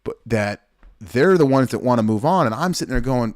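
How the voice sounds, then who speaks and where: A man's voice: medium pitch, animated, a little fast, no room sound, clean studio sound. A middle-aged man, a weightlifting coach, giving blunt, fired-up casual commentary over a training video, swearing and repeating himself.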